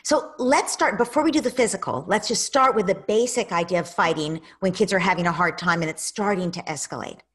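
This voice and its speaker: A woman's voice: on the low side, a little fast, hardly any pauses, slightly rough. An American woman, a parenting expert, answering audience questions in an online masterclass and animatedly acting out parents and kids. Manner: animated, acts out parents and kids in quoted lines.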